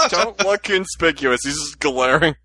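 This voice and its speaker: A man's voice: on the high side, pushed and bright, breathy edge, no room sound. A man co-hosting a casual fan commentary podcast, rambling through asides and laughing often. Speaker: podcast co-host.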